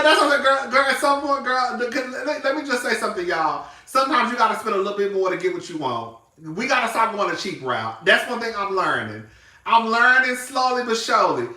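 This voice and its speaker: A man chatting casually to camera as a reality TV reviewer. He calls everyone "girl", swears freely and swings between loud and hushed. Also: very high-pitched, distant mic. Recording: echoey room, voice off-mic.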